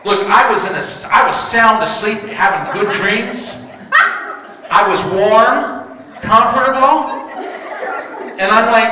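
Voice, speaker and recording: A man's voice: high voice, takes it slowly, pauses often. A man in his fifties doing stand-up comedy, telling stories about home life and talking with the audience. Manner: storytelling, crowd work with audience. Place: large hall with audience. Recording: echoey hall from far off.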